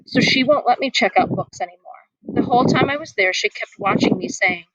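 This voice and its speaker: A woman's voice: fairly high pitch, expressive, fairly quick, fairly bright tone, no room sound, muffled recording. Lady reading as a mopey troubled schoolboy, hesitant, kinda plaintive, storybook. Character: troubled young schoolboy, shy and gloomy.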